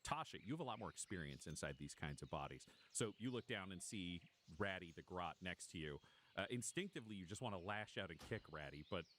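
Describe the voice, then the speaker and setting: A man's voice: low-pitched, lively intonation, brisk, a bit bright, slight background noise. A man narrating a tabletop role-playing game as game master, with vivid, descriptive storytelling.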